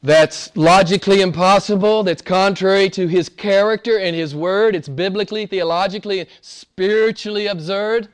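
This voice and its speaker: A man's voice: sits high, normal speed, hardly any pauses, clear, resonant tone. A male pastor preaching a sermon in an emphatic, conversational way, speaking directly to his congregation.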